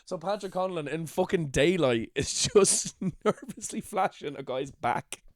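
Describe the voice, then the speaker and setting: An Irish man co-hosting a podcast, telling comedy stories in a casual, animated way, swearing and laughing as he goes. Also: fairly high pitch, measured pace, no room sound. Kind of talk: casual storytelling chat. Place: shed.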